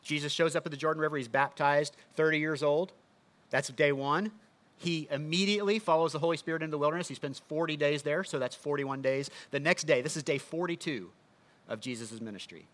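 A man's voice: a little high, brisk, a bit bright. A man preaching a sermon in a conversational teaching manner, often asking the listeners rhetorical questions. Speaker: pastor.

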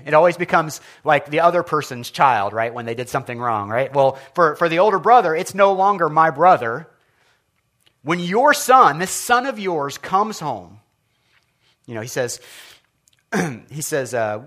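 A pastor delivers an earnest, expressive sermon, often turning to his listeners with questions. His voice is somewhat high for a man. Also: normal speed. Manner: earnest, expressive preaching, asks the audience questions.

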